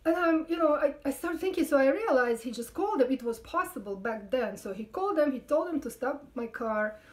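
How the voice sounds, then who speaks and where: A woman's voice: high voice, lively intonation, fairly quick. A middle-aged woman from Russia with a Russian accent, telling a true story as sit-down comedy, chatty and wry with many fillers.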